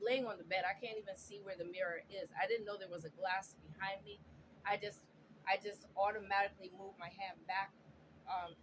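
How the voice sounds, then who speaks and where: A woman recounts a personal story, her speech halting and earnest as she repeats words and restarts. Her voice sits at an ordinary middle pitch. Clear, steady background noise runs under the recording. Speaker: storyteller sharing a personal testimony. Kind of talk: emotional first-person storytelling.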